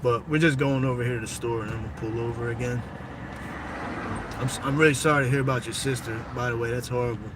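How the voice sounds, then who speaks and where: A man's voice: mid-range voice, fairly even intonation, fast talker. A man chatting profanely with his live chat as he drives, recorded on a phone in a moving car. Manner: rambling, profane, reads chat aloud. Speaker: livestreamer. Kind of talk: casual live-stream chat while driving. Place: inside a car while driving. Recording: loud road noise in a moving car.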